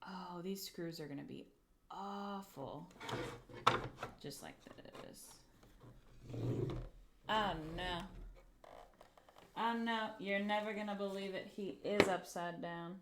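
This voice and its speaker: In a very noisy recording, a young adult woman with a mid-range voice speaks slowly with long pauses during a casual crafting livestream. She mutters, swears, and puts herself down while chatting with viewers as she works on her project.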